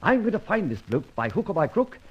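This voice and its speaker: A suave, indignant gentleman thief. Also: sits high, sing-song, husky, exaggerated voice. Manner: theatrical, wry, quick to indignation. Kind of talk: 1940s radio drama acting. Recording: dull old radio recording.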